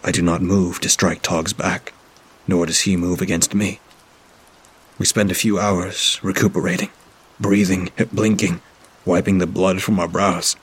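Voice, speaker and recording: A man's voice: deep voice, level tone, measured pace, husky. A man narrating a first-person horror story with a dramatic delivery. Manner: dramatic, voices characters in dialogue.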